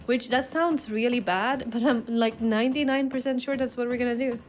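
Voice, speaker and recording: A woman's voice: on the high side, steady tone, moderate pace, a little hiss or hum. A woman streamer giving casual gameplay commentary, chatty and giggly, reacting aloud to what happens on screen. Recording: game music behind voice. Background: game music.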